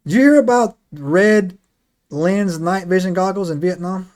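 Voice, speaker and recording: A man hosting a casual podcast chat, an excitable storyteller who keeps checking in with "right?" and "man". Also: sits high, a little slow. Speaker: podcast host.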